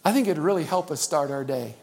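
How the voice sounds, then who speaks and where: A male pastor preaching a sermon, calling on the church to repeat after him and swinging between loud and hushed. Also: a little high, expressive, fast, vocal fry. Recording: long hall reverb.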